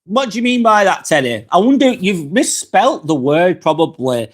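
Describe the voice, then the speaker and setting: A middle-aged man's high, sing-song voice carries at a moderate pace through a casual live vlog in his apartment. Reading viewer comments, he speaks plainly and doesn't hold back on the swearing.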